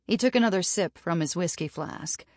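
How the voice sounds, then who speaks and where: A woman narrating an audiobook in a steady, even reading. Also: lowish voice, moderate pace, no room sound. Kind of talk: scripted narration. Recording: dry studio audiobook.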